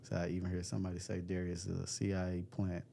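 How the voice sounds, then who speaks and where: Gravelly-voiced joking livestream host. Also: male voice, deep voice, monotone, quick pace, mellow, slight background noise. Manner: joking, laughs often, loose slangy talk. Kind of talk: casual livestream chat reading comments. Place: cold room at home.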